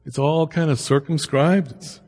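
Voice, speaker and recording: A man's voice: fairly high pitch, fairly even intonation, unhurried, darkish tone, big-room sound. A middle-aged man giving a conversational lecture, full of anecdotes, asides and rhetorical questions. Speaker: lecturer on the Bible and immigration.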